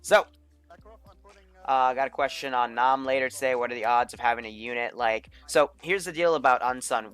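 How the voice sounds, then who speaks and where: A man with a medium-pitched, sharp-toned voice runs a multiplayer military game session. He thinks aloud offhandedly and swears casually as he comments on the gameplay.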